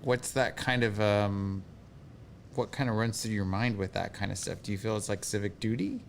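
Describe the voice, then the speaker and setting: A man hosting a podcast, asking hesitant questions and giving short, quiet replies. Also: steady tone, moderate pace, creaky, slight background noise. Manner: soft, brief backchannel replies and low, hesitant questions. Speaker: podcast host. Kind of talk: casual interview.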